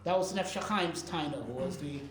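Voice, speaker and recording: Male rabbi lecturer, high voice, animated, roomy echo. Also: fairly quick. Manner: animated, explains with rhetorical questions and fillers. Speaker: rabbi teaching a class. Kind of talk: Torah class lecture.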